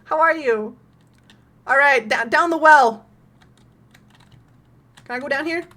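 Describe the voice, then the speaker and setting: A young woman streaming a horror game, excitable, laughing often and swearing casually. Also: high-pitched, slow pace. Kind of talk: casual gameplay commentary.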